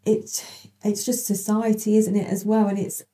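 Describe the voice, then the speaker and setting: A woman's voice: mid-range voice, little pitch movement, a little slow, dark tone. A woman hosting a podcast, chatting and telling a story with many fillers and restarts. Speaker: podcast host. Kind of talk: casual conversational interview.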